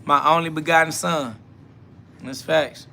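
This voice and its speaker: A man's voice: on the high side, steady tone, a little slow, creaky, bright, forceful tone, a little hiss or hum. A man hosting a live self-talk podcast, talking bluntly and profanely in a preachy way while answering chat comments aloud.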